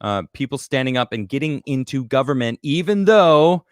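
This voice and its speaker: A man hosting a casual political talk show, reading viewer comments and joking in an animated, emphatic way. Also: mid-range voice, normal speed, clean tone, no echo, clean studio sound. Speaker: podcast host reading super chats.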